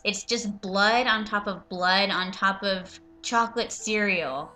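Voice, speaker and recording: A young woman reads a terrible story aloud at an unhurried pace and stops to mock it. Her voice is bright and forward, and her sarcasm comes through plainly. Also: mid-range voice, soft background music. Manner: sarcastic, mocking asides. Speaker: reader and commentator. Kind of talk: comedic reading with commentary.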